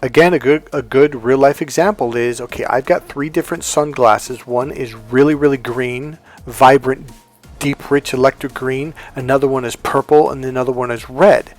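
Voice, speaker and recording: A man's voice: medium pitch, normal speed, soft background music. A man coaching on relationships in a casual talk, acting out both sides of conversations and often restarting his sentences. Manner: animated, acts out both sides of dialogues; frequent restarts and self-corrections. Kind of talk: casual teaching monologue.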